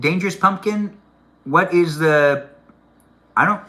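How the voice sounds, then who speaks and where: A man hosts a relaxed live stream from his home kitchen, chatting loosely with viewers and reading their comments aloud. His voice is bright and forward, and the kitchen gives it a roomy echo. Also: medium pitch, fairly quick. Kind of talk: casual live-stream chat while cooking.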